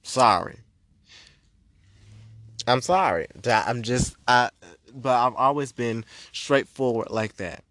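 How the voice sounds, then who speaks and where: Male podcast host, spiritual reader, blunt and profane rant, mid-pitched, dry close sound. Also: lively intonation, takes it slowly, long pauses, fairly bright tone, no room sound. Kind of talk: ranting podcast monologue.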